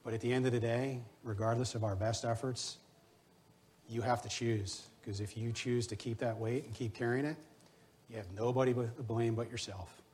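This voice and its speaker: A man's voice: medium pitch, fairly even intonation, moderate pace, a little mellow, slight background noise. Middle-aged male pastor, earnest sermon delivery, mid-range voice, exhorting tone. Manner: earnest, exhorting, personal running anecdotes.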